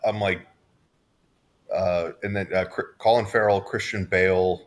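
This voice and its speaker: Low-pitched and steady, this Southern California man talks a little slowly as a podcast co-host. The chat is casual, and he rambles, restarting sentences and using fillers.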